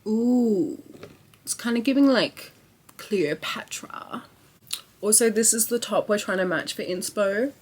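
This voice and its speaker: A young woman chatting to camera in a casual vlog, excitable and rambling, with lots of swearing and filler words. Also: mid-range voice, a little slow, husky. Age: young adult. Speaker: vlogger.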